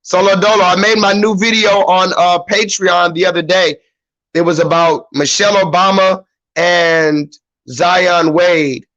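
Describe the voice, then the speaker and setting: A man's voice: high-pitched, steady tone, unhurried, a bit bright, dull audio. A man hosting his own livestream, talking loosely and with swearing straight to his viewers. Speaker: YouTube livestream host. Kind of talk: casual livestream chat.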